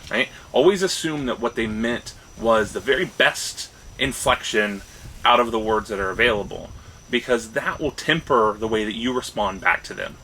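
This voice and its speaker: A man's voice: on the low side, normal speed, sharp tone, a little hiss or hum, rough recording. A man co-hosting a casual discussion show, talking thoughtfully and often checking in with "right?". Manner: thoughtful, restarts phrases, rising "right?" checks. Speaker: podcast co-host.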